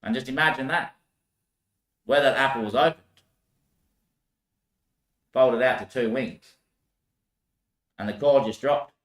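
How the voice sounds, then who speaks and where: A man's voice: mid-range voice, unhurried, pauses often, a bit bright, reverberant. A man rambling through a loose monologue, often laughing and swearing.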